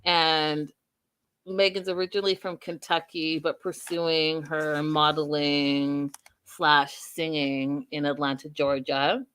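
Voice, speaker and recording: A woman's voice: low voice, level tone, takes it slowly, a bit bright, clean tone. A woman hosting a casual live recap show and talking straight to her viewers and their chat comments. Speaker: host.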